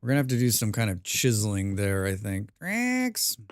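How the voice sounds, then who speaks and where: A man's voice: on the low side, fairly even intonation, quick pace. A man live-streaming a survival game, reading viewer chat aloud and answering with dry, rambling jokes, humming and mumbling to himself in between.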